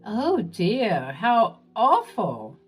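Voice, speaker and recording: Woman voicing a fake-sweet older mother-in-law, slow sugary drawl, faint music underneath. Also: medium pitch, wildly swooping pitch, breathy edge, heavily acted. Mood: evasive. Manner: sweet, fake-caring, drawn-out.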